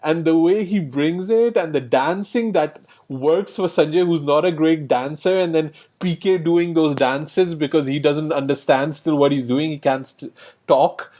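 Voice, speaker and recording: A man's voice: on the high side, unhurried, warm tone. A man co-hosting a podcast, chatting about films in an enthusiastic, rambling way and laughing often. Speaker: podcast co-host. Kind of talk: casual film discussion.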